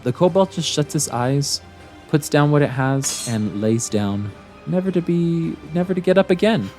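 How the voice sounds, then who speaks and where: A man running a tabletop game as dungeon master, narrating playfully with quick voiced asides. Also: a little high, animated, a little mellow, soft background music.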